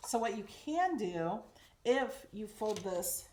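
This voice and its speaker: A woman hosting a casual craft tutorial, chatty and excitable as she talks through each step while working. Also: medium pitch, slow. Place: craft room at home. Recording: echoey room, faint noise.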